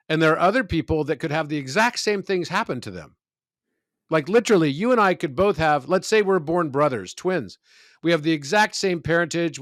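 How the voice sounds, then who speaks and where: A man who is a podcast guest, talking in a measured, reflective way about spiritual ideas and telling stories. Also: fairly high pitch, fairly bright tone, no room sound, studio quality. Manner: measured, storytelling, philosophical.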